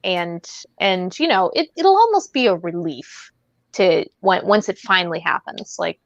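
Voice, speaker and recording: A woman's voice: on the low side, expressive, a little slow, gravelly, no echo, highs cut off. A woman hosting a casual podcast, rambling along with lots of fillers and frequent laughs. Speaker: podcast host.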